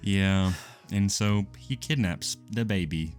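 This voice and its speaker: A man co-hosting a casual podcast review, rambling quickly with frequent laughs and self-corrections. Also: low-pitched. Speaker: podcast co-host. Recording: lo-fi music bed underneath.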